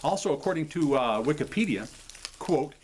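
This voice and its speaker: This home video features a male host with a fairly high pitch, lively intonation and a moderate pace, with slight background noise. He explains things to camera in a relaxed, meandering style, frequently saying sorry and checking in with "okay?"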